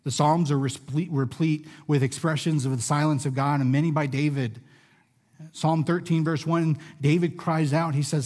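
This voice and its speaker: A man preaching a sermon in a room with listeners, earnest and measured, often dropping softly at the ends of phrases. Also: fairly high pitch, steady tone. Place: room with a gathered audience.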